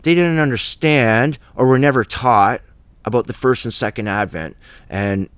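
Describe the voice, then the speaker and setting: A man's voice: mid-range voice, moderate pace, clear, resonant tone, no room sound. Blunt, emphatic man teaching scripture. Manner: blunt and emphatic, slangy asides. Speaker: Bible teacher. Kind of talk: casual Bible study teaching.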